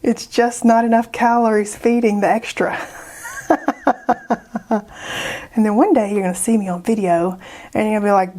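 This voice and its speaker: A woman's voice: mid-range voice, measured pace, long pauses, darkish tone. A woman making an art vlog, chatting and joking as she paints, laughing often and easily. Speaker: art YouTuber.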